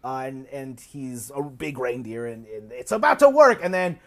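A man chatting as a podcast guest, animatedly retelling a film plot and slipping into quick put-on voices for the characters. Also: medium pitch. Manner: animated, recounts plots with quick put-on quotes. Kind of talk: casual storytelling chat.

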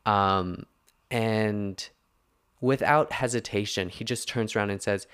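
Here a young man on his podcast rambles and rants in a relaxed way, stumbling into fillers and self-corrections. He speaks slowly in a smooth, lowish voice with a fairly bright tone.

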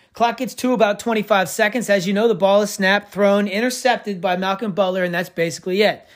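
Sarcastic, profane sports podcast man. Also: sits high. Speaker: podcast host. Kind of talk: casual sports podcast rant.

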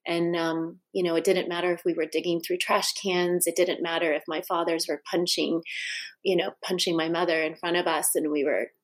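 Middle-aged woman guest, slightly low voice, earnest, tells stories with frequent restarts. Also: little pitch movement, moderate pace. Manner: heartfelt, with many restarts and asides. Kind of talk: personal storytelling in a conversation.

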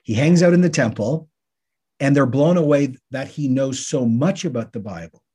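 Husky, mellow-voiced man teaching scripture. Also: mid-range voice, normal speed. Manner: lively, acts out listeners' questions in quotes. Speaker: podcast co-host teaching on the Bible. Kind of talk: casual Bible teaching chat.

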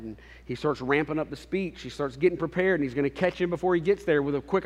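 A man preaching a sermon as a pastor, telling a story with animated, acted-out voices. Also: on the high side, quick pace, few pauses. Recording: long hall reverb.

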